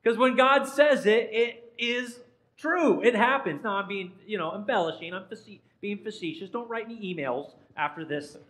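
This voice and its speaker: High-voiced man quizzing a congregation. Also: normal speed, a bit bright, poor audio. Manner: playful, quizzing listeners by name. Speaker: pastor. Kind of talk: interactive sermon with questions to the congregation. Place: church sanctuary.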